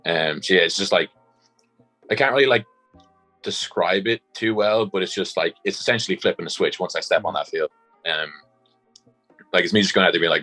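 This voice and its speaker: A man's voice: sits low, fairly quick, pauses often, bright, forceful tone, soft background music, rough recording. A young Irish man from Dublin with a Dublin accent, chatting casually as an interview guest, rambling with lots of fillers. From Ireland. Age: young adult. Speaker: guest, college punter.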